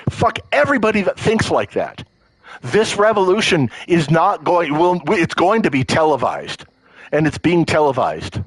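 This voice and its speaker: A fired-up man rants on a live stream. His voice sits a little high and sounds close and dry, with no room around it. He swears freely and gets emotional, tripping over repeated words as he pushes through. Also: very animated, moderate pace, husky, no room sound, poor audio. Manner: heated, profane and emotional, with stammered restarts. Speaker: livestream host. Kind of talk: live political rant.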